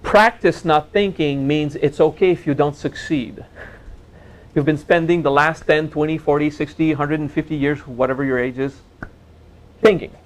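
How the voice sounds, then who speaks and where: Gentle, playful man teaching a seminar. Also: on the high side, fairly even intonation, moderate pace, low-quality recording. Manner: gentle, playful, laughs at his own jokes. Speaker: spiritual teacher. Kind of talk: relaxed seminar talk.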